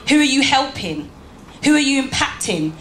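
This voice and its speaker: A woman's voice: high voice, very animated, moderate pace. A woman giving a motivational speech to a live audience in a church hall, emphatic and firing rhetorical questions at the crowd. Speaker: motivational speaker. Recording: roomy hall, faint background ambience.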